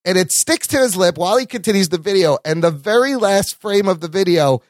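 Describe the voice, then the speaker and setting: Guy with a high-ish voice hosting a podcast, upbeat, cusses a lot, dry close sound. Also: expressive, brisk, dry recording. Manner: upbeat, swears casually, laughs often. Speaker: podcast co-host. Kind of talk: casual podcast chat.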